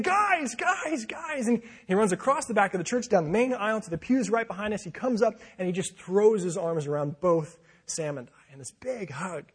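A man delivers a sermon, animatedly telling a personal story and acting out the voices of the people he quotes. His voice is a little high and husky.

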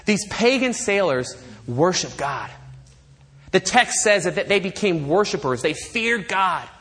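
A man preaching a sermon in a church, emphatic and animated, with wry asides. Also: sits high, a little slow. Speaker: pastor. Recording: long reverb of a large hall.

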